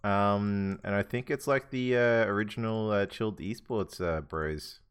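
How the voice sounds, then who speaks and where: A man's voice: on the low side, measured pace, clear, resonant tone. A man hosting a casual podcast chat among friends, laid-back, swearing and laughing often. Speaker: podcast host.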